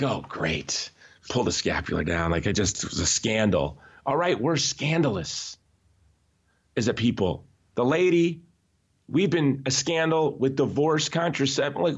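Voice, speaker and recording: A man talking as a podcast guest in an emphatic, animated way, often restarting his sentences. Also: mid-range voice, breathy edge. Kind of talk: conversational podcast interview. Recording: slightly dull, lo-fi audio.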